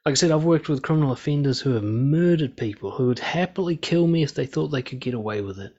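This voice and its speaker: A man talking in a casual monologue about conflict and respect, frank and profane but calm and steady. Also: mid-range voice, quick pace. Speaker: speaker on relationships and conflict. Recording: slightly dull lo-fi sound.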